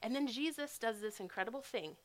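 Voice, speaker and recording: A woman's voice: on the high side, animated, a little fast. A woman giving a sermon in a casual, conversational way. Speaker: speaker.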